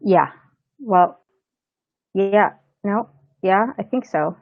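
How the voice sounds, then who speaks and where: A woman's voice: mid-range voice, drawn-out words, dry recording. A woman actor, a guest on an interview show, telling a long story in a casual way and acting out the other people's lines. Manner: animated, acts out the voices of people in her story. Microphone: remote call setup. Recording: slightly dull lo-fi sound.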